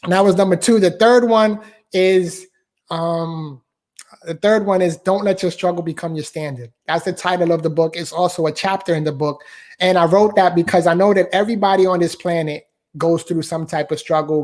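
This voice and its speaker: A man with a fairly high voice tells a personal story as a guest on a live online interview. He talks in a heartfelt way, repeats his phrases and keeps addressing the listener as "man". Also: darkish tone. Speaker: guest author and speaker. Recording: live online talk show.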